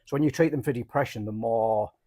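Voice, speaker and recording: A man's voice: mid-range voice, fast, warm tone. A man who works as a therapist, co-hosting a podcast and telling frank, jokey stories about himself. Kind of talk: candid casual chat.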